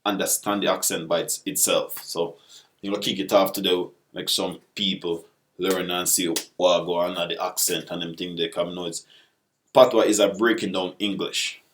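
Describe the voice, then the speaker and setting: A man's voice: low-pitched, level tone, moderate pace, a bit bright, a little hiss or hum. A man with a Jamaican accent teaching basic patois in a casual video lesson, repeating example phrases.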